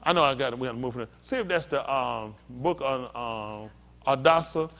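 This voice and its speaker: A man's voice: mid-range voice, fairly quick, fairly bright tone. A male pastor teaching a sermon in a conversational storytelling way, talking straight to the congregation.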